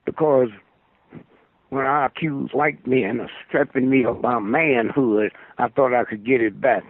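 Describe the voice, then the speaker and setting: Speaking as a guest over a phone-line radio call, this older man delivers a preachy, rambling storytelling monologue, seeking agreement with a frequent "Hmm?" His mid-range voice holds a steady tone at a measured pace.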